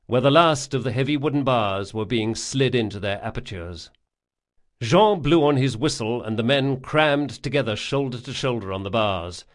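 A man's voice: medium pitch, moderate pace. A man reading a fantasy novel aloud as a scripted audiobook narration.

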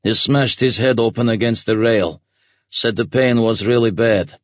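A man voicing a blunt, hardened middle-aged military commander who speaks flatly and a notch louder than the narration. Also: medium pitch, normal speed, no room sound, dull audio, voice pushed up, lightly acted. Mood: grim. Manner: flat, matter-of-fact, raised.

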